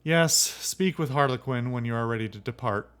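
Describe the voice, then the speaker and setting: A man reading game dialogue aloud as a solemn male elder who gives measured warnings. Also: mid-range voice, a bit bright, clear, resonant tone, close to an everyday voice.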